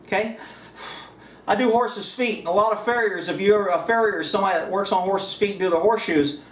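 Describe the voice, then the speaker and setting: A folksy American man with a high voice talks through shooting basics in a loose, rambling way. He stands a bit back from the mic, so the voice carries a roomy echo. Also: distant mic. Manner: folksy, rambling, with laughs and self-asides. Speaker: firearms instructor. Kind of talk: casual instructional talk. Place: indoors, shooting range building.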